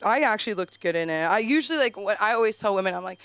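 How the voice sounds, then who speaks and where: A woman's voice: medium pitch, animated, very fast, clear, resonant tone, no room sound. A young woman from Los Angeles doing a rambling, self-deprecating stand-up set at an open mic, laughing at her own jokes and yelping suddenly. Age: young adult. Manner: heavy use of "like", sudden loud yelps. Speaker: stand-up comic.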